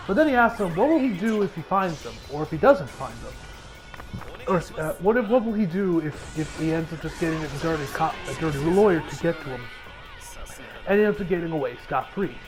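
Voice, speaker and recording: A man casually recapping an anime episode, excitable and profane, often acting out characters' lines. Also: high-pitched, brisk, faint music behind, rough recording. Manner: excitable, swears freely, acts out characters' lines. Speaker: anime reviewer.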